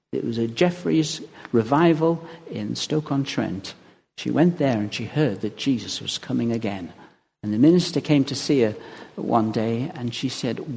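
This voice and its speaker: A man preaching a sermon in a church, telling stories in a lively way and chuckling as he goes. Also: medium pitch, creaky, breathy edge. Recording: long reverb of a large hall.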